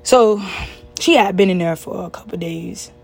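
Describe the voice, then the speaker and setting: Husky-voiced young woman telling her story. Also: fairly low pitch, moderate pace, a little mellow, soft background music. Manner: earnest, conversational, with many fillers and restarts. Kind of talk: personal storytelling.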